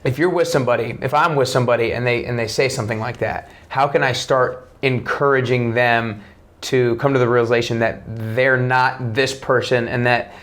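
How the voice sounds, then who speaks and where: A man's voice: mid-range voice, fairly even intonation, moderate pace, a bit bright. A man hosting a podcast interview, asking long, thoughtful questions that he rephrases as he goes. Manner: thoughtful, searching phrasing with restarts. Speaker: podcast host.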